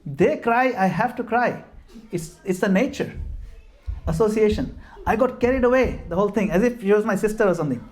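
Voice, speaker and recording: A man's voice: high voice, expressive, fairly quick, a little mellow, faint music behind. Self-mocking storyteller man giving a devotional talk. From Gujarat, India. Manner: storytelling, laughs at himself, mixes in Hindi and Sanskrit verses. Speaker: speaker at a devotional home program. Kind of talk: informal spiritual talk with stories.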